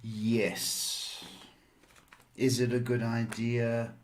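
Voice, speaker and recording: Slow, rambling man giving psychic advice. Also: mid-range voice, flat delivery. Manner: slow, rambling, many fillers, calls callers "baby". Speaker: psychic reader and show host. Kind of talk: livestream reading and advice.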